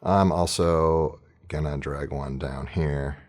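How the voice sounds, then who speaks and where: A man's voice: a bass voice, fairly even intonation, slow pace, a little mellow. A man teaching orchestra planning in a casual, chatty screen-recorded tutorial, thinking aloud as he works.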